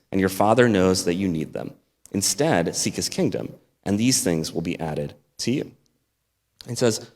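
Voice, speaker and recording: An American man giving a sermon as a guest preacher, talking it through in a relaxed, conversational way with asides and small laughs. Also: lowish voice. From United States. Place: church sanctuary. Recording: long hall reverb.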